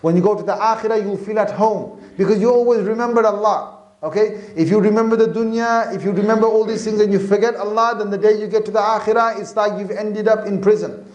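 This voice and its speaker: A British man giving an animated Islamic talk, stopping now and then to chant and recite. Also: high-pitched, fast, lo-fi sound. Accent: British English. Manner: animated, demonstrative, chants and recites between points. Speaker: religious teacher. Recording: echoey hall.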